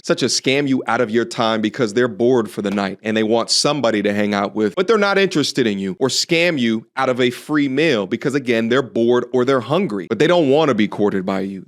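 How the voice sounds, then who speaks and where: A man giving blunt, scornful reaction commentary in slangy, casual speech. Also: medium pitch.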